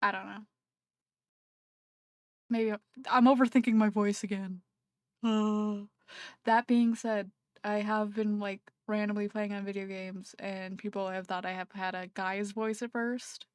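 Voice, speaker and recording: A woman's voice: mid-range voice, fairly even intonation, measured pace, a little mellow, smooth, no echo, clean studio sound. A woman streaming live and chatting casually into her computer microphone, rambling and self-conscious, with lots of fillers and restarts.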